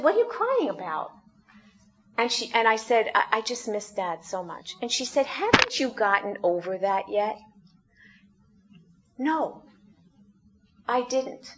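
Woman pastor, sermon, slow unhurried delivery, gentle reflective tone, slightly dull lo-fi sound. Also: medium pitch. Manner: gentle, reflective, asks the congregation questions.

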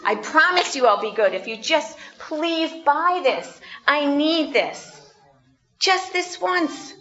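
A woman's voice: high voice, expressive, slow, a bit bright, slight background noise, pitched above the performer's own voice, heavily acted. A woman putting on the voice of a young child who whines and pleads with a parent to buy something, heard through a dull, muffled recording. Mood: promising. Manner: whiny, pleading, wheedling.

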